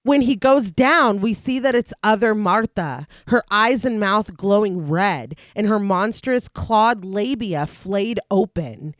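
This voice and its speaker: A woman's voice: mid-range voice, slow pace, few pauses, no room sound, clean studio sound. A woman co-hosting a podcast, reading a long plot recap and chatting casually. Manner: recaps plot in long lively read-through, laughs often. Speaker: podcast co-host recapping a film. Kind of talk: casual chat and plot narration.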